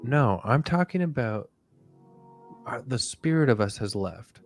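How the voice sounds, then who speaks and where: A male comedian at a mid-range pitch, rambling through a mock guided relaxation. He drifts into a soft, hushed and dreamy delivery between offhand asides. Faint music plays behind him. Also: lively intonation, unhurried. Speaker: comedian and podcast host.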